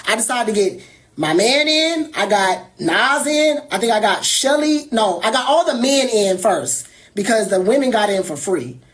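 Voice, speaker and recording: A woman telling a personal story in casual talk, animated and irritated, acting out other people as she goes. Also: a little high, normal speed.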